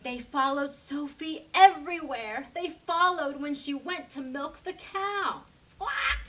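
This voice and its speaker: A woman storyteller at a library, reading a children's picture book aloud in an animated way. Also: high-pitched, recorded from a distance. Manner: slow animated read-aloud.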